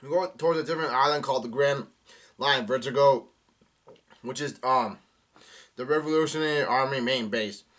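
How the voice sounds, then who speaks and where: A man's voice: mid-range voice, fairly bright tone. Male host reading a comic aloud live, hesitant delivery full of fillers. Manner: reads aloud haltingly with many fillers and restarts. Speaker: manga reaction host.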